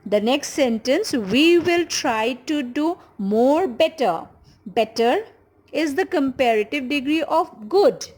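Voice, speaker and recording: An Indian English-accented woman leads a grammar lesson on English, patiently explaining and slowly going back over key words. She speaks high-pitched and animated, with a slightly mellow quality, on a rough recording.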